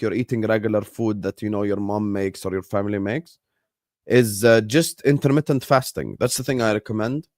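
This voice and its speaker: A man's voice: medium pitch, dry recording, studio quality. A non-native English-speaking man hosting a live stream, chatting loosely and answering viewers' messages as they come in. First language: not English. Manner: chatty, rambling, reads and answers live chat. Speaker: livestream host. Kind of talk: casual live-stream chat.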